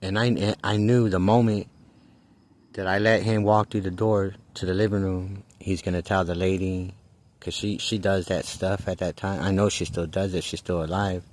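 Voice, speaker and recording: Low-voiced guy rambling through a story, lots of stops and restarts, swears a lot. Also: level tone, darkish tone. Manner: rambling, halting, swears freely. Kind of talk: casual personal storytelling.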